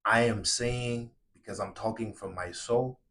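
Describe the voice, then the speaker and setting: A man delivering an impassioned solo rant, angry and profane, swinging between shouting and quiet, remorseful murmuring. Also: lowish voice, fairly even intonation, a little slow. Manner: angry, profane, repetitive and confrontational.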